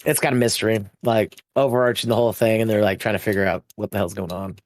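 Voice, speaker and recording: A man's voice: on the low side, fairly even intonation, fast, no echo. Rambling young male podcast co-host. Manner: rambling, heavy filler use and swearing, laughs while telling. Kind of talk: casual chat.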